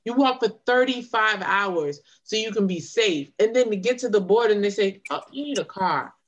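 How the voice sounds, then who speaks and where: A woman co-hosting a podcast discussion, animated and indignant, acting out the exchanges she retells. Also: mid-range voice, moderate pace. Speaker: podcast co-host. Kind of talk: casual discussion.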